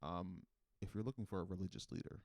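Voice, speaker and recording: Deadpan male comedy host, low voice, dry room, rambling delivery. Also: fast talker, no room sound. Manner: deadpan, rambling, full of ums and restarts. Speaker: podcast host.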